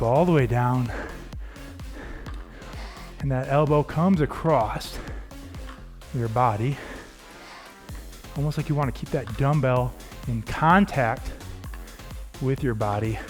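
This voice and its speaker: A man's voice: medium pitch, slow, long pauses, soft background music. A man leading a home dumbbell workout as fitness coach, calling out cues and counting reps in an encouraging way.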